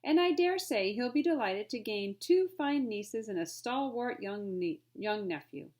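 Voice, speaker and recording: A woman doing a calm, proper butler. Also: on the high side, unhurried. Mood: composed. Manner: composed, formal speech.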